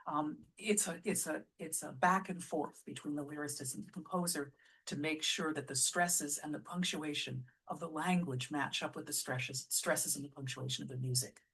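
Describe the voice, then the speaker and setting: Husky-voiced woman explaining patiently. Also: low voice, fairly bright tone. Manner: explains patiently, often restarts mid-phrase; sounds out example lyric lines slowly with stress. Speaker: musical theatre artistic director. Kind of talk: casual teaching vlog.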